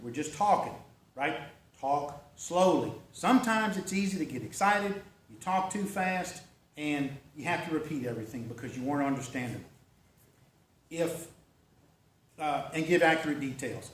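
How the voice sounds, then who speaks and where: Presenting at a club meeting, a man speaks in a folksy, chatty way, repeatedly asking "okay?" and "right?". His voice runs a little high, with slight hiss or hum, captured from a distance in an echoey meeting room.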